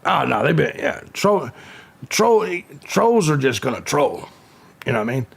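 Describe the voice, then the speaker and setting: Husky with vocal fry, this medium-pitched male voice has a sing-song lilt and a slightly slow delivery. It comes from a livestream host in his forties who reads comments aloud and profanely battles trolls.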